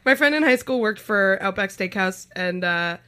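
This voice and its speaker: A woman telling stories in a relaxed comedy conversation. Her pitch rises and falls a lot, and she fills her sentences with "like" and laughs between thoughts. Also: moderate pace. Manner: chatty, heavy use of "like", breaks into laughs. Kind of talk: casual comedic chat.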